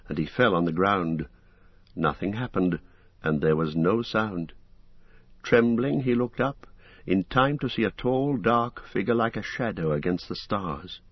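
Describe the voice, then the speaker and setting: Deep, husky male storyteller. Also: no room sound, muffled recording. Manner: measured, dramatic storytelling. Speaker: audiobook narrator. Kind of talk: scripted fantasy narration.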